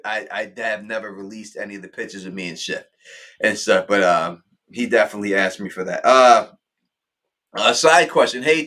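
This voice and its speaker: A man hosting a casual chat, telling stories with lots of laughter and acting out voices. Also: a little high. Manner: animated storytelling, laughing often, acting out voices. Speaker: channel host.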